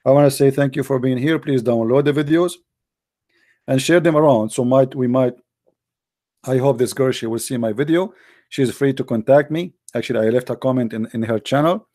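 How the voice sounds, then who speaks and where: A man's voice: medium pitch, a little fast, mellow. A man talking straight to his viewers with earnest urgency, in plain non-native English, sometimes repeating words as he searches for them. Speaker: online commentator. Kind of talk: direct-to-camera monologue.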